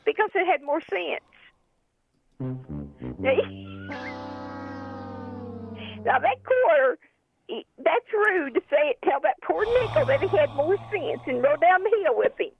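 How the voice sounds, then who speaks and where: A woman's voice: high-pitched, big pitch swings, normal speed, vocal fry, lo-fi sound, music in the background. A woman chatting casually on a live show, folksy, telling corny jokes. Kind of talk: casual chat.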